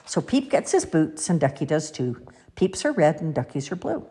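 Husky woman reading children's stories. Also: low-pitched, normal speed. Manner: expressive, sing-song. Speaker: storyteller. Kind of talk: children's story read-aloud.

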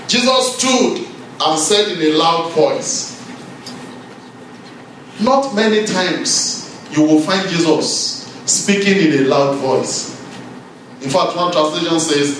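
Slow, emphatic preacher in an echoey hall. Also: male voice, on the high side, fairly bright tone, recorded from a distance, a little hiss or hum. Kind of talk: sermon.

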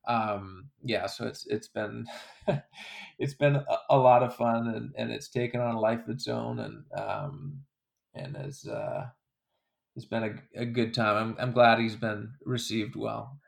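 A man's voice: mid-range voice, steady tone, a little slow, creaky. A man as an interview guest, talking in a casual, rambling way with frequent restarts. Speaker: interview guest, creator of a comedy hunting character.

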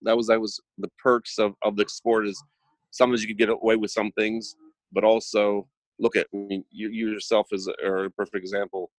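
Recorded dry, a man with a lowish, fairly fast voice shares anecdotes in relaxed chat. He animates his stories by acting out what each person said.

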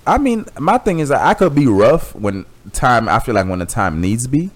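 A man's voice: mid-range voice, very animated, normal speed. A young man from Miami chatting casually, laid-back, using street slang and swearing freely. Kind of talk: casual chat.

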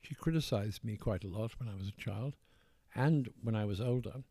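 Older English author, posh accent, warm low tone, halting and reflective, dry close mic. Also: male voice, husky, dry recording. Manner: measured, hesitant, circles back with restarts. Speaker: author being interviewed. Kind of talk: reflective interview conversation.

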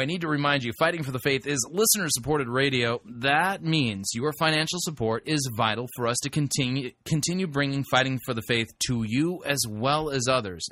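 A man's voice: mid-range voice, pushed and bright, no room sound. A man hosting a talk radio show, speaking in an emphatic, conversational way with frequent restarts.

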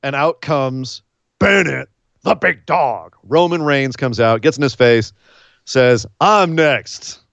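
A man co-hosting a casual wrestling talk show, ranting sarcastically and mocking with quick impressions. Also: medium pitch, vocal fry, a bit bright, no echo, dull audio. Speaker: podcast co-host. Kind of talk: casual wrestling commentary chat.

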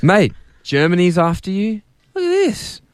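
Lively jokey male radio host. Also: high-pitched, unhurried, smooth, no echo. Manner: jokey, laughs often, animated. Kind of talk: casual radio chat.

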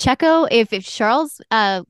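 A woman's voice: fairly high pitch, animated, a little slow, clean tone, no room sound, clean studio sound. A woman co-hosting a casual podcast chat, blunt and teasing, swearing now and then and laughing easily. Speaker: podcast co-host. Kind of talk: casual chat about motor racing. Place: home, married.

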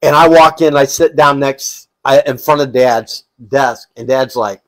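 A man co-hosting a casual chat, telling family stories in an animated way and laughing often. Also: medium pitch, a little slow. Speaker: co-host.

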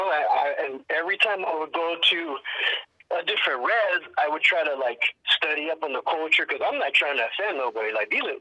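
A man on a podcast, telling animated stories in profane street slang and acting out what people said. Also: fairly high pitch, dull audio. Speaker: activist guest. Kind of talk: casual podcast storytelling.

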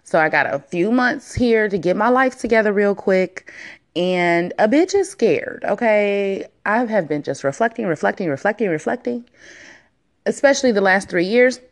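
A woman in her late twenties hosting a casual solo podcast from her home basement, talking candidly and playfully with lots of swearing and hushed asides. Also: mid-range voice, animated, normal speed. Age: 20s. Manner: candid, profane, playful, swings between loud and hushed asides. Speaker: podcast host.

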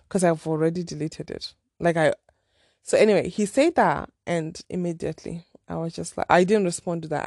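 A woman's voice: lowish voice, warm tone, dry recording, clean studio sound. A woman from Zimbabwe telling a story in casual vlog chat, frank and rambling with lots of fillers. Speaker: vlogger.

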